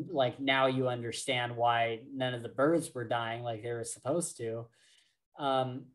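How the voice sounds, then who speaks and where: A man co-hosting a podcast, slowly and casually retelling book scenes with lots of fillers and restarts. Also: medium pitch. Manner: slow, rambling retelling full of fillers. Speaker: podcast co-host.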